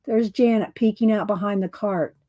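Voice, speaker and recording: A woman's voice: mid-range voice, fairly even intonation, normal speed, no room sound, muffled recording. A woman chatting casually about her crafts, rambling, searching for words and chuckling as she goes. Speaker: crafter showing her doll scenes. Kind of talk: casual chat.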